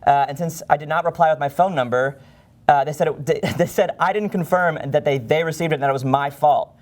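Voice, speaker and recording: A man's voice: fairly high pitch, fast, a little mellow. A man co-hosting a comedy talk show, telling a story as a rant and laughing mid-sentence. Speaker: co-host. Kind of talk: casual comedic chat.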